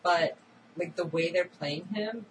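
A woman co-hosting a casual recap chat about a TV episode, animated and acting out characters' lines. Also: on the low side, measured pace. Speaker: podcast co-host. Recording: distant mic with audible background noise.

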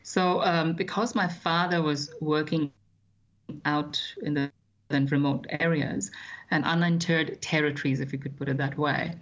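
A man, recounting his childhood as an interview guest in a measured, thoughtful way with frequent hesitations. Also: on the high side, fairly even intonation, fairly bright tone, muffled recording. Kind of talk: reflective personal storytelling.

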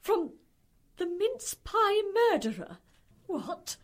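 A woman's voice: very high-pitched, very animated, takes it slowly, exaggerated voice. A woman playing a pompous, melodramatic middle-aged lady with a northern English accent showing through, in a comedy radio drama. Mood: shocked. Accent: northern English, slipping through. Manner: theatrical, swooping, melodramatic.

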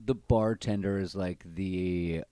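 A man's voice: low voice, fairly even intonation, slow, mellow, clean tone, no echo, studio quality. A young man from Baltimore, a bartender and podcast co-host, telling crude, rambling stories full of fillers in casual banter.

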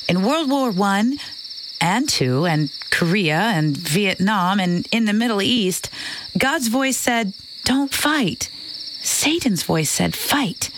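A woman playing an older grandmother in a children's radio drama, gentle and teasing as she explains things patiently. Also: medium pitch, lively intonation, takes it slowly. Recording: cricket ambience noise behind.

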